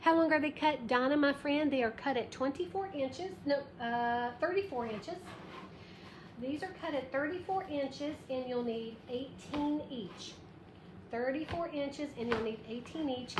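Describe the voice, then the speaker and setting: Unhurried and high-voiced, a woman hosts a live craft tutorial in her craft shop, bubbly and chatty as she greets viewers by name and counts aloud. Echo and background noise fill the room.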